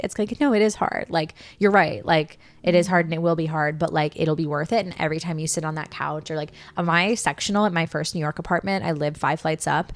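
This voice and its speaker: A woman's voice: low voice, fairly even intonation, quick pace, few pauses. A young woman guest chatting casually as a supportive friend, often chiming in. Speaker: podcast guest, best friend. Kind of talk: casual chat.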